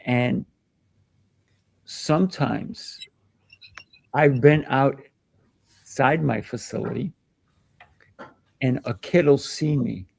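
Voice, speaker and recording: Male host, kung fu teacher, gravelly texture, dry close sound, animated storyteller. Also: mid-range voice, very slow, pauses often, no room sound. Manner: animated, acts out children's voices in anecdotes. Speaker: kung fu instructor and show host. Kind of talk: casual discussion, storytelling.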